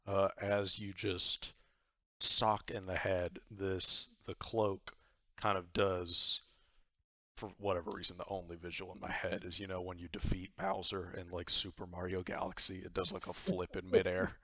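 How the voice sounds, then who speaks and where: A man's voice: deep voice, level tone, normal speed, pushed and bright, no echo, muffled recording. A man narrating a tabletop game as game master, rambling with lots of fillers.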